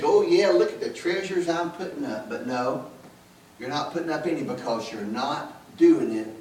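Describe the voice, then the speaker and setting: Pastor preaching in an echoey church. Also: male voice, mid-range voice. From Georgia, US. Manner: folksy, storytelling, quoting scripture. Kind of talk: sermon. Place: church sanctuary. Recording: echoey church room, mic at a distance.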